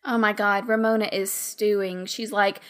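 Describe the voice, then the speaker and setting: A woman player narrating her character in a tabletop game, animated and quick to laugh. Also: medium pitch. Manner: giggly, animated. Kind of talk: tabletop role-play narration.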